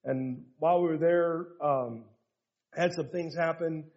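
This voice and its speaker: A middle-aged American man, a pastor preaching a sermon, telling a story and moving from hushed tones to fervent bursts. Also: fairly high pitch, unhurried, muffled recording. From United States.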